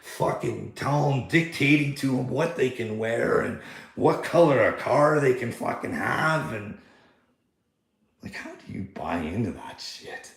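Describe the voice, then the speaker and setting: A man's voice: mid-range voice, animated, unhurried, vocal fry, roomy sound. A man ranting angrily in a heated vlog monologue, swearing constantly as he retells a confrontation. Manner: angry, heated, swearing a lot. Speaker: vlogger.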